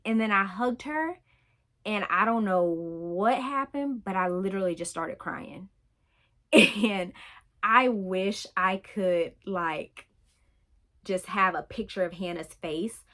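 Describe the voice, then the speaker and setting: A woman's voice: medium pitch, measured pace, fairly bright tone. A young adult woman speaking candidly in a personal vlog, telling her own story in a conversational way with lots of fillers. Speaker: vlogger.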